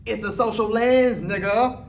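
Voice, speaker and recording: A man's voice: high voice, fairly even intonation, unhurried, pitched above the performer's own voice. A man putting on a parody of an angry young comic ranting profanely about politics. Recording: distant mic with faint ambience.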